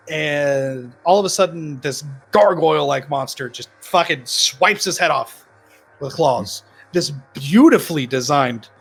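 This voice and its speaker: A man with a breathy, somewhat high voice walks through a horror movie plot in relaxed podcast chat. He rambles, drops filler ums and laughs between thoughts. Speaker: podcast co-host. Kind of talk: casual film-review chat.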